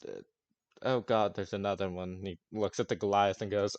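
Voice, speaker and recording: A man's voice: on the low side, fairly even intonation, moderate pace, darkish tone, no room sound, muffled recording. A man narrating casually as game master of a tabletop game, often swearing.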